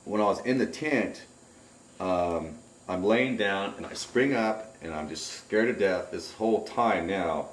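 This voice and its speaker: A man recounting a camping trip in a rambling, excitable way, caught on a distant mic. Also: deep voice, unhurried, slight background noise. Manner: rambling, excitable storyteller who acts out remembered shouts. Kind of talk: casual spoken recollection. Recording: roomy, distant home recording.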